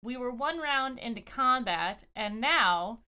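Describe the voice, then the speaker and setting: A woman with a high, bright voice hosts a live-streamed tabletop game as dungeon master. She giggles and rambles, often breaking off mid-sentence, and her tone is clean and clear. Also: lively intonation, slow. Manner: giggly, rambling, self-interrupting.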